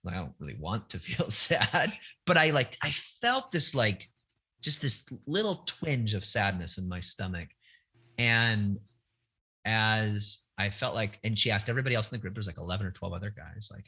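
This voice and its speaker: A middle-aged man speaks as a podcast guest, candid and searching, often starting a sentence over before finding his words. His voice is husky and bright, sitting a little low for a man. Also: lively intonation, moderate pace. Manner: candid, searching, frequent restarts. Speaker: guest author. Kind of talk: reflective podcast conversation.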